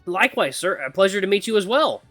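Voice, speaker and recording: A man's voice: high voice, sing-song, quick pace, fairly bright tone, dry recording, soft background music, voice pushed up, heavily acted. A man voicing an easygoing young male hero who talks in a casual, friendly way.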